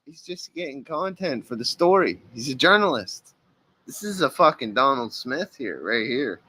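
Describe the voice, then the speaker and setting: A man's voice: medium pitch, very animated, normal speed, pushed and bright, breathy edge. A man hosting a reaction video, talking over clips with profane, sarcastic taunts. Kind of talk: mocking commentary over clips.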